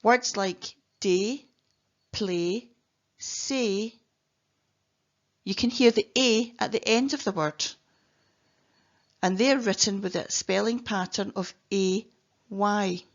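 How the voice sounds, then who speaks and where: A woman with a Scottish accent, a teacher slowly and carefully explaining spelling patterns and sounding out words letter by letter. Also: medium pitch. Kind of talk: phonics lesson narration. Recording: dull lo-fi recording.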